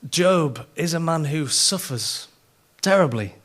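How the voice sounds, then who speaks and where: A middle-aged man with a Yorkshire accent, giving a sermon as a conference speaker and telling self-mocking stories in an animated way. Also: fairly high pitch, takes it slowly. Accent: Yorkshire English.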